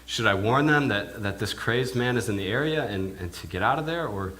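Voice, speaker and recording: A man's voice: on the low side, animated, a little fast, fairly bright tone. A male minister preaching in character as an awed village pig herder, telling his story in the first person with hesitant, often repeated words. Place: church.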